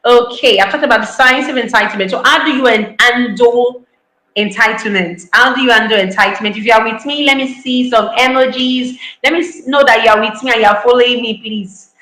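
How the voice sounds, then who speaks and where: A woman's voice: on the high side, pushed and bright, roomy sound, low-quality recording. A woman giving an online parenting talk, emphatic, repeating key lines and acting out parents' voices. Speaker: parenting speaker.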